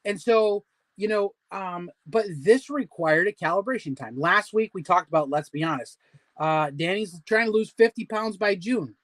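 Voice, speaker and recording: A man's voice: sits high, lively intonation, moderate pace, a bit bright, dry recording. Rambling, upbeat man in his forties. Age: 40s. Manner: rambling, filler-heavy, motivational. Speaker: host of a weight-loss support group. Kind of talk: casual livestream chat.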